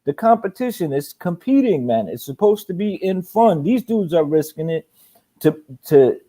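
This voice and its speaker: A man hosting a casual boxing talk show, animated and profane, laughing often as he rants. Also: on the high side, moderate pace. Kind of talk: casual chat.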